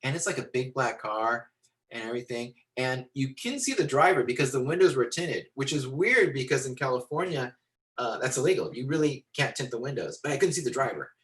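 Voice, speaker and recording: A man teaching storytelling to visual artists, animated and rambling with many fillers and restarts, talking into a computer on a video call. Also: medium pitch, fairly quick, poor audio. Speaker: storytelling instructor. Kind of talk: lecture with acted-out anecdote.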